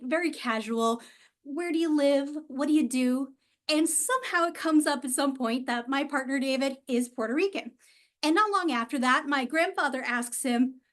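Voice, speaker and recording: A woman giving a humorous storytelling speech, wry and self-mocking, with dramatic pauses and sighs. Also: high voice, fairly bright tone. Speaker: club speaker. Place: event hall.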